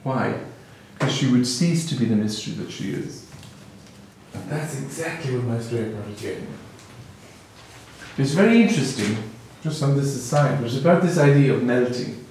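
A man's voice: medium pitch, expressive, normal speed, a little hiss or hum. Musing Irish man in an echoey hall. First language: Irish Gaelic. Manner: musing, storytelling, gently humorous. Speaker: speaker on spiritual teaching. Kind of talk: reflective spiritual talk. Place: hall with a live audience. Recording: very echoey hall, mic far off.

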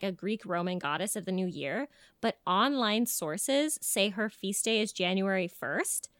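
A woman's voice: medium pitch, no room sound. A young woman co-hosting a casual podcast, mixing folklore with crude jokes. Her voice bounces through a wide melodic range. The recording is close and dry. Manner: animated, jokey, swearing storyteller. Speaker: podcast co-host.

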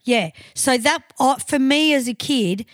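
A woman's voice: high-pitched, measured pace, no echo, clean studio sound. An Australian woman co-hosting a podcast in casual chat, telling stories with a blunt, sweary edge. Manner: animated storytelling, blunt and sweary. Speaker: podcast co-host.

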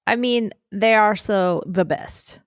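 A woman co-hosting a podcast in casual chat, animated and slightly breathy, recording from a makeshift spot in a puppy pen. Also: medium pitch, slow pace, dry recording, clean studio sound. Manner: animated, keeps addressing her co-host by name, acts out quotes. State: a little breathy. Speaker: podcast co-host.

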